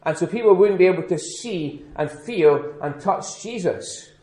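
A man as a pastor giving a children's address in church, speaking gently and slowly repeating key words for emphasis. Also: sits high, lively intonation. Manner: gentle, questioning children, slow emphatic repetition. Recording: echoey church room.

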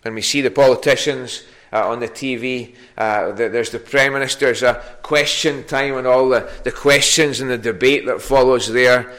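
A man preaching an evening sermon. He talks in a halting way, stopping for fillers and starting phrases over. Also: medium pitch, steady tone, a bit bright. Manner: halting, many fillers and restarts.

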